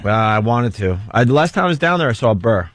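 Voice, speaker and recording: A man's voice: medium pitch, big pitch swings, a bit bright, dry recording. Teasing male radio host, dry studio sound. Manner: teasing, quick to laugh. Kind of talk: casual radio banter. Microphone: studio microphone.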